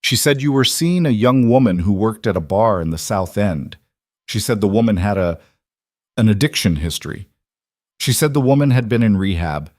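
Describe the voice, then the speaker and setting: A man voicing a grandmother in her sixties who speaks in a measured, controlled way while holding back tears. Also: fairly low pitch, expressive, darkish tone, no echo, studio quality, close to an everyday voice. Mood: strained calm.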